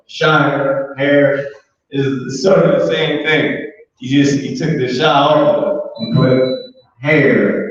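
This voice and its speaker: A man's voice: mid-range voice, fairly even intonation, slow. A man teaching a live language class in a casual, joking manner, drawing out words and laughing between points. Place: classroom with students. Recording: very echoey room from far off, dull.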